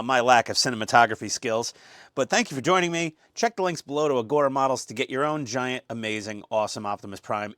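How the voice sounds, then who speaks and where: A man with a middle-pitched voice hosts a relaxed model-kit build, cracking jokes and rambling as he unpacks parts. He talks into a lapel mic, teasing himself along the way. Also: dry recording, studio quality. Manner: jokey, self-mocking, rambling. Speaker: host. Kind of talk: casual hobby build vlog.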